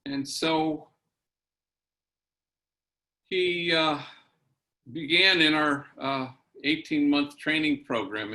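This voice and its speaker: A middle-aged priest tells a story in a keynote address, with a bright, forward tone. He takes his time, pausing on fillers and dropping bits of Spanish slang into his storytelling. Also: mid-range voice. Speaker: priest giving a keynote talk.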